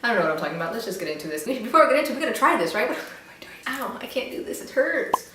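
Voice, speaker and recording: A woman's voice: on the high side, very animated, rapid-fire, far from the mic, noisy background. Chatty young woman in an echoey room. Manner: chatty, rambling, self-mocking. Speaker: vlogger reviewing drinks. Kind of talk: casual chat. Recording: very echoey room, away from the mic.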